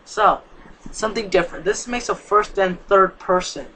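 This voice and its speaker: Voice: mid-range voice, moderate pace, pushed and bright, a little hiss or hum, rough recording. A young reader narrating fan fiction casually, with rambling asides and slang. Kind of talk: casual story reading.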